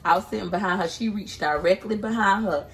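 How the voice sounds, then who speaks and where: A talkative woman from Tampa, Florida, chats and teases her way through a casual home vlog. She records in her kitchen on a handheld phone, and her voice sits at an ordinary middle pitch for a woman. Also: brisk, poor audio. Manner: chatty, talkative, teasing. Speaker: vlogger and mother. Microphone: handheld phone camera.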